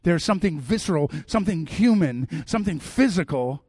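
A middle-aged man preaching a sermon, telling personal stories in an animated way that swings from loud to soft. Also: on the high side, fairly quick, slightly rough, dry recording, clean studio sound. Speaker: pastor.

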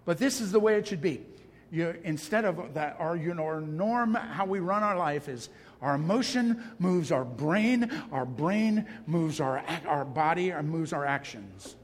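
A man's voice: fairly high pitch, animated, measured pace. A male pastor delivering a sermon, passionate and emphatic, with self-deprecating asides. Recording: long hall reverb.

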